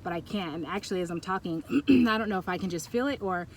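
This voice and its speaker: A woman giving a pick-a-pile tarot reading, talking in a rambling, halting way that often turns emotional, recorded on a Bluetooth mic. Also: medium pitch, animated, slight background noise. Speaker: tarot reader.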